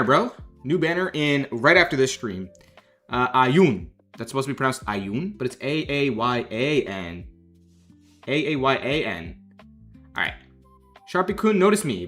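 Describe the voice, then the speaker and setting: A young man hosts a casual game livestream, joking, rambling and reacting to chat at his desk mic. His voice sits a bit high and swings up and down a lot. Faint background music plays under him. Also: a bit bright. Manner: chatty, jokey, reads chat aloud and rambles. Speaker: game developer hosting a livestream.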